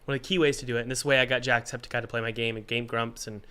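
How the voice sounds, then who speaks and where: Bright-voiced man with a cold. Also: medium pitch, racing, clear, resonant tone. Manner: energetic, rambling, jokey. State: has a cold, coughing. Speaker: game developer hosting a live Q&A stream. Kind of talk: casual livestream advice.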